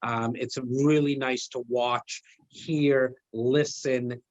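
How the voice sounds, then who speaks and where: A man hosts a podcast interview in a friendly, appreciative way with light joking. His pitch is middle-range. The recording is dry and somewhat dull. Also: fairly even intonation, takes it slowly, no room sound. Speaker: podcast host.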